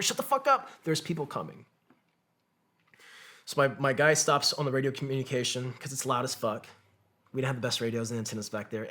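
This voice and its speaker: Guy on a podcast telling a war story, swears a lot, mid pitched voice, acts out what his buddies said. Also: fairly bright tone. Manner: profane, vivid war storytelling; acts out quotes of others. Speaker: podcast guest, combat veteran. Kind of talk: storytelling in conversation.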